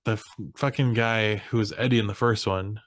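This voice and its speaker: A man's voice: lowish voice, fairly even intonation, moderate pace, no echo, studio quality. A young man co-hosting a podcast, retelling a movie plot casually and often laughing as he acts out the characters' lines. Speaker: podcast co-host. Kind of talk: casual movie recap chat.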